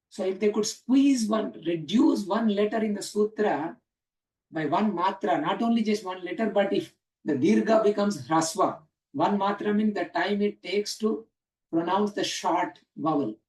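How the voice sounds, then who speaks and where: Far from the microphone in a reverberant room, a high-voiced, slightly mellow man teaches scripture students Sanskrit grammar. He goes step by step, tests the class with questions, and often says "uh" and "huh?"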